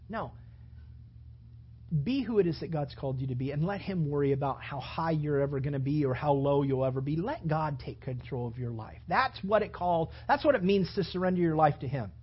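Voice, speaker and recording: A man's voice: a little high, lively intonation, fairly quick, breathy edge. A man preaching a sermon as pastor, building to emphatic, rising bursts. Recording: dull lo-fi sound.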